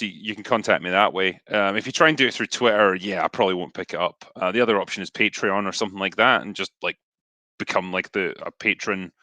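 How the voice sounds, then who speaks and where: A man's voice: on the low side, pushed and bright, no room sound. A Scottish man in his thirties hosting a casual livestream, reading superchats into a headset with lots of fillers and dry, sarcastic humor. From Scotland.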